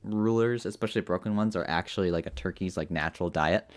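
A young man co-hosting a comedy podcast, setting up an absurd scenario in a deadpan way with many pauses and ums. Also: low voice. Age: young adult. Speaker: podcast co-host running the improv scenario. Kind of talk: casual improv chat.

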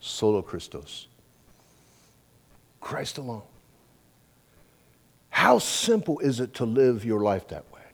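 A middle-aged man preaching a sermon, his pitch rising and falling a great deal as he goes. He talks in a folksy, conversational way and acts out little exchanges with other people as he tells them. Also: big pitch swings, takes it slowly, gravelly, long pauses, slightly rough. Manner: conversational preaching with folksy asides and quoted dialogue. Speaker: pastor.

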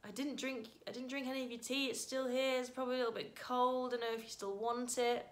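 A woman talking casually to her camera in a heartfelt vlog, thanking viewers and reflecting softly with sudden bright bursts. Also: on the high side, steady tone, fast. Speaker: vlogger.

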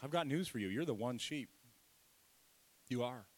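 A man preaching a sermon as pastor, swinging from soft, tearful passages up to loud, emphatic peaks. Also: medium pitch, animated, moderate pace. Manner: impassioned, building to loud emphatic peaks then dropping soft. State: tearful, nose running.

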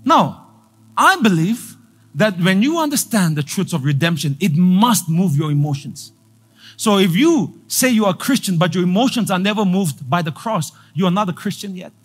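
Pastor preaching, high voice, keeps repeating lines and gets louder, soft music underneath. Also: male voice, animated, moderate pace, slightly rough. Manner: emphatic repetition, rising to loud declarations. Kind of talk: sermon.

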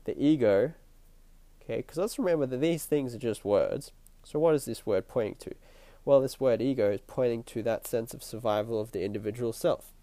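A man hosting his own podcast with a stuffy, nasal voice and a croaky throat, musing in a reflective spiritual monologue and repeating his phrases as he thinks aloud. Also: mid-range voice, fairly quick, mellow, no room sound. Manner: musing, repeats phrases, chuckles between thoughts. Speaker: podcast host. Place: at home at night.

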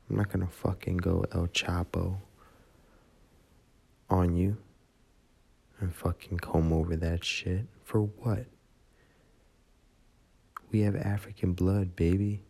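Deep gravelly drunk man rambling. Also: warm tone. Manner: rambling, profane, heartfelt. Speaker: voice memo rambler. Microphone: phone.

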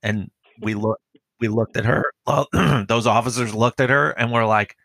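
A man's voice: mid-range voice, normal speed, gravelly, fairly bright tone, no room sound. A man who is a police officer, talking casually and profanely, rambling with lots of "like" and "dude.". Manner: rambling, profane, heavy use of filler "like". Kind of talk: casual podcast chat.

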